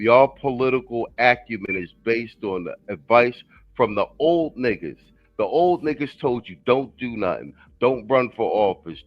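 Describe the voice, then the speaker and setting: A man's voice: mid-range voice, no room sound, highs cut off. A man hosting a live panel show, ranting heatedly and with profanity. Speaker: host.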